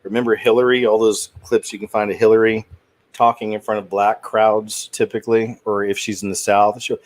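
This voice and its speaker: A man's voice: lowish voice, level tone, a little fast, no echo. A man hosting his own channel, talking in a rambling, indignant commentary with trailing restarts. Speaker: channel host. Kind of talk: casual commentary monologue.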